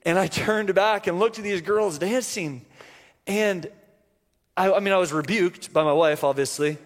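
A man preaching a sermon, telling a personal story earnestly with halting restarts. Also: sits high. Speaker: pastor. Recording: reverberant church hall.

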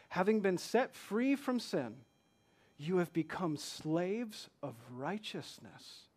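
High-voiced man preaching a sermon. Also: a little mellow. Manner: rhetorical questions, rising to emphatic bursts; slows down to read scripture. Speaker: pastor.

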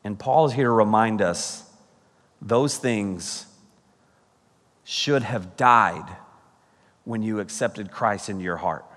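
A man preaching a sermon as pastor, animated, breaking into playful mock exasperation and sudden exclamations. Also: lowish voice, slow, pauses often, in a large hall.

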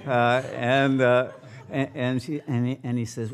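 A man's voice: medium pitch, level tone, normal speed. A man giving a casual spiritual lecture, retelling an epic with many fillers and restarts. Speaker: spiritual teacher.

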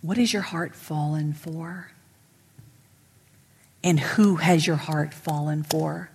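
A middle-aged woman pastor, preaching emphatically to women and swinging from loud to whispered. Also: sits low, fairly even intonation, takes it slowly, vocal fry, long reverb tail, a little hiss or hum. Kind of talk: sermon to women. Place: church sanctuary.

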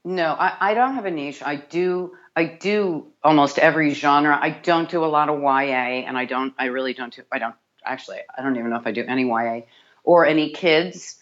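A woman's voice: low-pitched, a little fast, muffled recording. A woman audiobook narrator with a scratchy, sardonic voice, chatting animatedly as an interview guest and often restarting her sentences. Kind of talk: casual interview chat.

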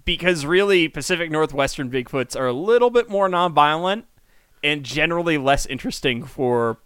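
A man's voice: a little high, lively intonation, normal speed, a bit bright, smooth, no room sound. A man co-hosting a podcast in casual, rambling chat with lots of ums. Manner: chatty, rambling with many ums. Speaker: podcast co-host.

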